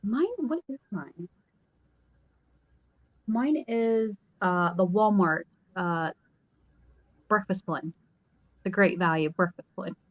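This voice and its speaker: A middle-aged woman chats as a guest, rambling and giggling through stories about her home. Her voice has an ordinary middle pitch. The audio is dull and dry, with little room sound. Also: slow pace, pauses often, no room sound. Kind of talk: casual chat. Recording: dull, slightly muffled audio.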